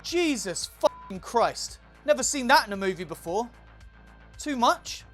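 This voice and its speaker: A man's voice: very high voice, very animated, unhurried, fairly bright tone, faint music behind. A man narrating a film recap with sardonic, profane asides. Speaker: film reviewer.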